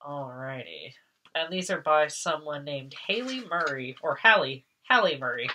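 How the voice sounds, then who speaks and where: A woman vlogger from Massachusetts chats casually through an unboxing, her voice sitting low at a normal speed with a little hiss or hum in the audio. She's excitable and laughs often, swearing when she rants.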